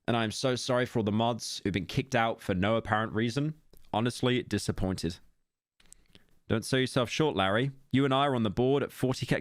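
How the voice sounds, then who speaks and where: A young British man reads internet posts aloud on a stream and mocks them with dry, wry asides. His voice sits at an ordinary pitch for a man. The sound is close and dry, with no room echo. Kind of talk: casual reaction commentary.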